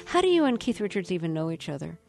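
A woman hosting a radio interview, putting her questions in a measured, composed way. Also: on the low side, very animated, gravelly, darkish tone, faint music behind.

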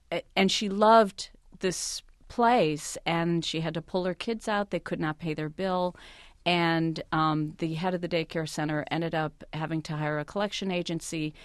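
A woman advice columnist, a guest on a radio talk show, giving confident advice in a relaxed way. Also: low voice, dry recording, clean studio sound. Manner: confident, advising, with easy laughter.

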